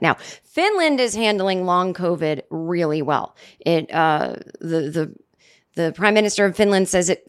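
A middle-aged woman hosting a solo comedy podcast, talking into a studio microphone in a sarcastic, rambling way full of self-deprecating asides. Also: mid-range voice. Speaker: podcast host.

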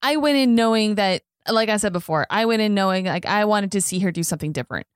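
A woman's voice: medium pitch, fast talker, clear, resonant tone, no echo, studio quality. A woman chatting as a podcast guest, musing and hesitant, laughing easily. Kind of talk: casual podcast chat.

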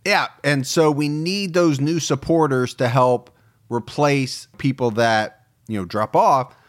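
A man's voice: medium pitch, slow pace. A man hosting a podcast, joking as he reads out supporter names. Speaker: podcast host. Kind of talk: casual podcast chat and read ad.

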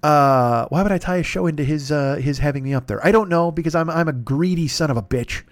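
A man's voice: fairly high pitch, brisk, no echo. A man hosting a comedy podcast, reading an ad in a rambling, profane, self-mocking way. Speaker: podcast host. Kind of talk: crude comedic ad read.

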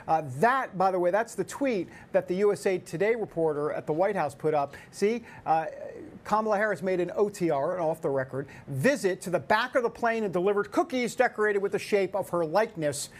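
A male show host giving animated, opinionated news commentary, laughing and sounding mock-incredulous. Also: sits high.

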